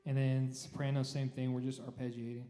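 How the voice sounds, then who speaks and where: A man's voice: medium pitch, completely flat delivery, fairly quick, warm tone. A man leading choir rehearsal, talking through notes and singing short phrases to demonstrate. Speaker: choir director. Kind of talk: rehearsal instruction. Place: church room. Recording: echoey room.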